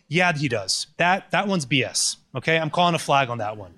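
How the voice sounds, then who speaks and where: A Catholic lecturer in a recorded lecture speaks in a voice on the high side, a little fast and with few pauses. He's conversational and sarcastic, telling stories with lots of energy and animation.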